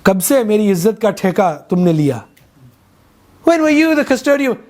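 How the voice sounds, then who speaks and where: A man's voice: high-pitched, big pitch swings, moderate pace, a little mellow, voice pushed up. A man voicing a stern old male sufi master who turns people away curtly. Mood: scolding. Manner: curt, repeats commands.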